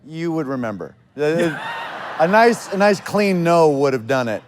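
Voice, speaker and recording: A man co-hosting a live comedy podcast on stage, cutting in with quick, teasing remarks. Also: fairly high pitch, very animated, a little hiss or hum. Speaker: podcast co-host. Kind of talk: comic banter on a live stage show.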